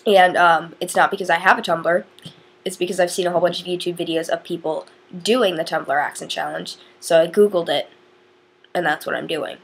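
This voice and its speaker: Chatty teenage girl, husky low voice. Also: fairly even intonation, fairly quick. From northern Indiana. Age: teens. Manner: rambling, chatty, many fillers. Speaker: vlogger. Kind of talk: casual chat to camera.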